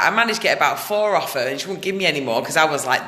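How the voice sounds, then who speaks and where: A woman ranting in a casual vlog, loud, blunt and indignant. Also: on the low side, very fast, few pauses. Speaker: vlogger, animal rights activist. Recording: echoey room with long reverb.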